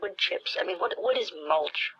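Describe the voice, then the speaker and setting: A woman's voice: medium pitch, animated, moderate pace, a crowd in the background. A woman baiting a scammer on the phone, playing dumb and rambling off-topic in a chatty way. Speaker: prank caller baiting a scammer. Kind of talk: playing dumb on a prank call. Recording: muffled lo-fi call recording.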